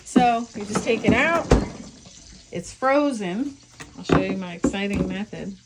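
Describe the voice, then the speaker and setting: A woman's voice: mid-range voice, lively intonation, unhurried, heavy background noise. A young woman giving a pet sitter casual, rambling instructions in her home kitchen, full of fillers and restarts. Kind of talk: casual home video walkthrough.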